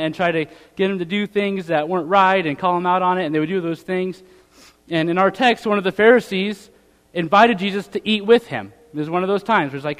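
Male preacher, high voice, casual sermon delivery with tag questions and scripture reading; long reverb of a hall. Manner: reads scripture aloud in old-fashioned wording.

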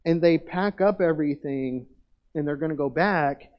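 A man preaching a sermon in a conversational, rambling way, often restarting sentences and getting animated when he tells funny stories. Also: fairly high pitch, normal speed, muffled recording. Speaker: pastor.

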